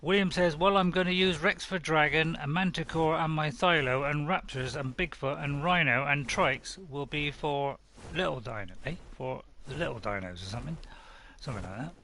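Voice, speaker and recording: Bright-voiced chatty man. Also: fairly high pitch, normal speed, slight background noise. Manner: chatty, talks to himself and reads chat aloud. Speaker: game streamer. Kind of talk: casual live game commentary.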